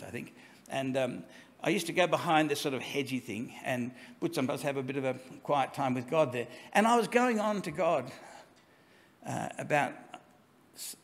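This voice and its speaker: A man's voice: medium pitch, gravelly, a bit bright. A man preaching a sermon in a conversational, storytelling way, with asides and restarts. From Australia. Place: church. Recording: long church reverb.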